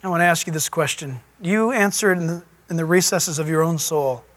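A man's voice: a little high, fairly quick. A male pastor giving a conversational sermon, telling stories and asking the listeners questions. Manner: animated storytelling, asks the listeners questions.

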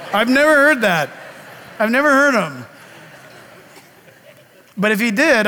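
A man preaching a sermon as pastor, animated and acting out conversations, swinging from hushed to shouting. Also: high-pitched, long reverb tail. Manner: animated, acts out dialogue, shifts from hushed to shouting.

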